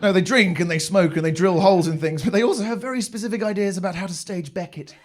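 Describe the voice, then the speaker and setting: Man, young, from England, stand-up comedian, high voice, rambling crude storytelling, live comedy club. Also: fast talker.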